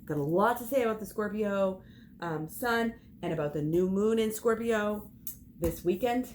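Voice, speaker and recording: A woman's voice: mid-range voice, normal speed, a little mellow, a little hiss or hum. A young woman giving an emphatic spiritual pep talk as a tarot reader, swearing and laughing as she speaks.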